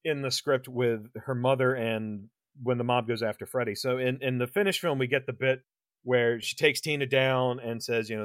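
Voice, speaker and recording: Talking a little fast in a mid-range voice, a man co-hosting a podcast reviews a horror film in loose conversation full of false starts and profanity. The recording is dry.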